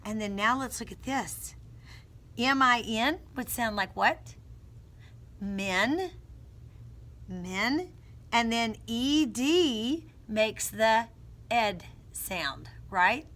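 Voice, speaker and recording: Slow, bright-voiced woman teacher. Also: fairly high pitch. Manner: expressive storytelling with phonics coaching. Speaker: teacher reading aloud. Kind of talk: read-aloud lesson for young children.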